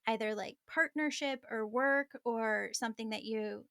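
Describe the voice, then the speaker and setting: A woman's voice: a little high, a little slow, creaky, a bit bright, smooth, no echo. Woman medium giving a reading, dry sound. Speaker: angel medium guest. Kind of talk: spiritual reading in conversation.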